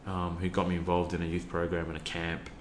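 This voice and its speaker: A man's voice: sits low, monotone, fast, echoey room, a little hiss or hum. A man, a youth worker, telling a personal story earnestly with many fillers and restarts. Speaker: podcast guest, youth worker.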